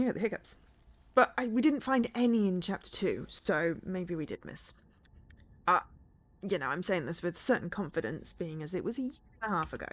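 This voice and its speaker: A woman's voice: mid-range voice, sing-song, normal speed, a bit bright. A woman streamer casually commenting on a game, thinking aloud and reading on-screen text.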